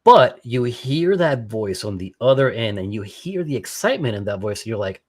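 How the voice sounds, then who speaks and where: A man's voice: mid-range voice, big pitch swings, normal speed, few pauses. A man being interviewed as a guest, talking in a casual, enthusiastic and rambling way, often breaking off and asking "right?". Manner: enthusiastic, rambling, with many restarts and "right?" tags. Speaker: podcast guest, skydiver and ham radio operator.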